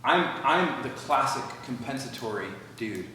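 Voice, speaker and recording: A man's voice: medium pitch, unhurried. Man teaching in an echoey hall. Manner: animated, acts out quoted dialogue. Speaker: workshop speaker. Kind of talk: church workshop talk. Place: church hall. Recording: echoey hall from far off, noisy.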